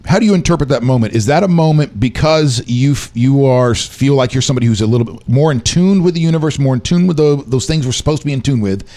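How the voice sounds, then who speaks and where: A man's voice: mid-range voice, fast talker, hardly any pauses, mellow. A man hosting a casual conversation, asking thoughtful, probing questions. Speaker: host. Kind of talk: conversational interview.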